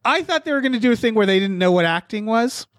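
High-voiced man chatting animatedly. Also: quick pace, no room sound, studio quality. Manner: animated, profane, acts out quotes. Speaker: podcast co-host. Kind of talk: casual chat.

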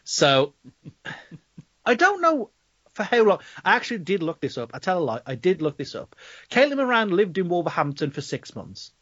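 Podcast co-host, Black Country man, raised pitch, sweary ranting, dry slightly muffled recording. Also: big pitch swings, normal speed, fairly bright tone, no echo. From Black Country, England. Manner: sweary, ranting, laughing often. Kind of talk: casual film review chat.

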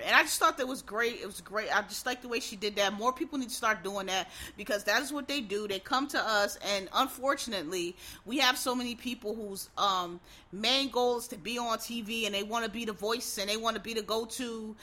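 A woman's voice: on the high side, fairly quick. Blunt, profane woman ranting. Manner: blunt, profane, restarts a lot, animated. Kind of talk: casual opinion rant.

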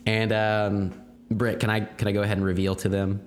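A man's voice: lowish voice, level tone, fairly quick. A man co-hosting a podcast in casual chat, rambling with fillers and laughing often. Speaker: podcast co-host.

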